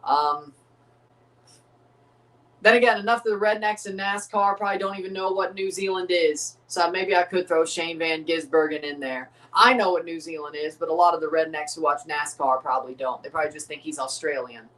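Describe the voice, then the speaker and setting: A woman's voice: low voice, steady tone, brisk, fairly bright tone, far from the mic, low-quality recording. Streamer host, woman, loose joking match chatter, set back from the mic. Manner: rambling, joking, reads out chat. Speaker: livestream host. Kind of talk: casual watchalong commentary.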